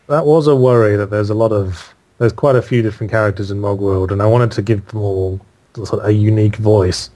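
British guy, low voice, dry self-deprecating humor, talks in quick bursts in an interview. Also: steady tone, mellow. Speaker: author and guest. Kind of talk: casual interview chat.

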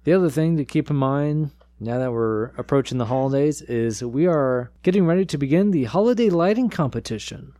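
An actor playing an earnest small-town radio host in an improvised comedy audio drama, reading grim news in a deadpan, matter-of-fact way. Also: male voice, on the high side, brisk, few pauses, no echo, lightly acted. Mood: calm.

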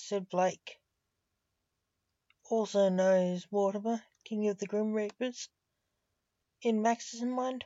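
A woman reads a short story aloud at a slow, deliberate pace. Her voice sits at a middle pitch. The sound is dry and dull, a lo-fi recording. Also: steady tone, dark tone, dry recording. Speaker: narrator.

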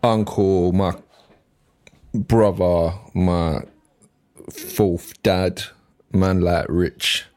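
A man's voice: deep voice, fairly even intonation, extremely slow, pauses often, a little mellow. A man hosting a podcast, talking in a laid-back, slangy way and swearing casually. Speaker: podcast host. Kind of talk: casual chat.

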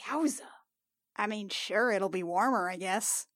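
A woman's voice: medium pitch, unhurried, fairly bright tone, no room sound, studio quality. A woman playing a character in a tabletop game, chatty and filler-heavy. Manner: chatty, lots of "like" and "I mean". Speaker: player. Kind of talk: casual tabletop play.

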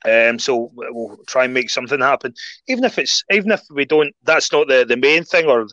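A Scottish man chatting as a guest, an animated storyteller who repeats phrases for emphasis. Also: mid-range voice, a little fast, no room sound, highs cut off. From Scotland. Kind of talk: casual chat.

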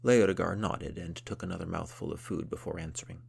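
A man narrating a historical novel in a steady, measured storytelling manner. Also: deep voice, creaky, slightly rough.

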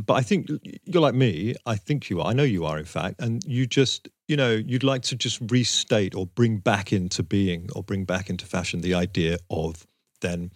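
A man co-hosting a podcast, talking casually in a musing, hesitant way with gentle teasing. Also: on the low side, no echo, studio quality. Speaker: podcast co-host. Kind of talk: casual conversation.

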